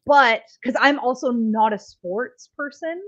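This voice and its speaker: A woman's voice: on the high side, a little slow, a bit bright, highs cut off. A Canadian woman co-hosting a podcast, chatting casually in a rambling, self-deprecating way. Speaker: podcast co-host. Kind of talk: casual chat.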